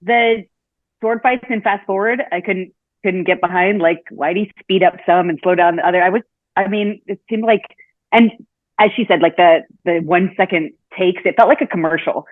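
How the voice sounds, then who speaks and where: A woman's voice: fairly low pitch, moderate pace, no echo. Woman on a tinny remote call line. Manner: hesitant, many fillers and restarts. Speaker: podcast guest. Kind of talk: casual podcast chat.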